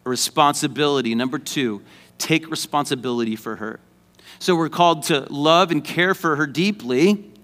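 A man's voice: on the high side, fairly bright tone. A man preaching a sermon as pastor, conversational and joking, then rising to emphatic points.

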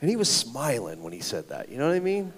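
Animated man giving a slangy testimony. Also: medium pitch, fast talker, breathy edge. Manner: casual, slangy storytelling with frequent 'like' and 'dude'; animated, voice swinging between loud and whispered. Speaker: guest speaker at ministry event. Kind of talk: personal testimony.

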